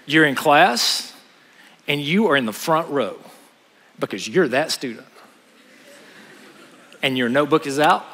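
Man, preacher, sermon, animated, bright forceful voice, long hall reverb. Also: mid-range voice. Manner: animated, acts out parable voices, asks the audience questions.

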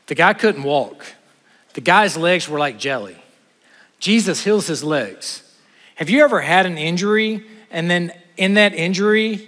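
Male pastor, high voice, lively preaching, ringing hall reverb. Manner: animated, acts out voices of people in the story. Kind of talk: sermon.

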